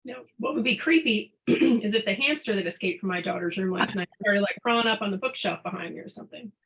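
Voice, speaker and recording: A woman's voice: medium pitch, fast, a bit bright, poor audio. A woman hosting an interview over a video call, upbeat and chatty as she asks her guest questions. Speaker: host. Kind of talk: casual interview chat.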